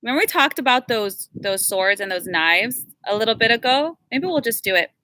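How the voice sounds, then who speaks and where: A woman energy healer leading a live group workshop, chatty and encouraging with the group, slowing to a measured invocation when she leads the prayer. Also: on the high side, lively intonation, pushed and bright. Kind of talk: live workshop teaching and guided meditation.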